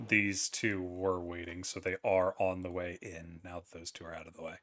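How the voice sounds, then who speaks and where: A man running a tabletop game as game master, casual and quick to laugh and swear. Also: sits low, flat delivery, a bit bright.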